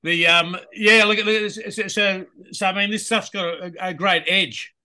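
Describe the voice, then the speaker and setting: Bright-voiced interviewer, eager. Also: male voice, high voice, steady tone, moderate pace, clean tone. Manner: enthusiastic, hesitant with ums. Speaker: interviewer host. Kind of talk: casual interview chat.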